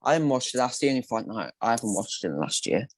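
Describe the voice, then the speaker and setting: A man co-hosting a podcast, giving short, relaxed replies in casual chat. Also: medium pitch, quick pace. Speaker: podcast co-host.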